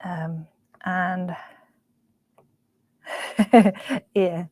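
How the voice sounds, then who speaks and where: This craft live-stream host, a young woman, chats in a gushing, emotional, soft-spoken way loaded with fillers. Her fairly low voice holds a steady tone and draws words out, and the recording is low quality.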